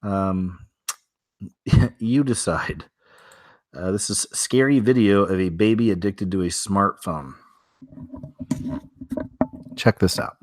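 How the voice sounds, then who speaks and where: A man's voice: low-pitched, slow, pauses often, no room sound. A man hosting a weekly strange-news show from home, talking casually and rambling through stories with many fillers and restarts.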